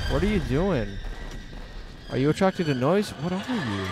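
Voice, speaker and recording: A man's voice: fairly high pitch, big pitch swings, moderate pace, music in the background. A young man commentating his own gameplay, reacting nervously, swearing and talking to the characters on screen. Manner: jumpy, talks to game characters, swears. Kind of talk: let's play commentary.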